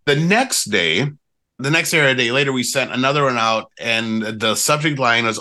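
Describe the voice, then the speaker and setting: A man guest on a podcast interview, chatty and animated, using casual fillers as he explains email marketing. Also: medium pitch, normal speed.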